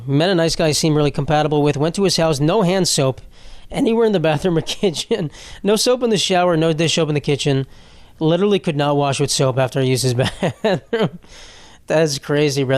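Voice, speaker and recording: A man's voice: a little high, fairly quick, dry recording. A young man hosting a casual solo podcast, rambling and profane, laughing as he reads posts aloud. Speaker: podcast host.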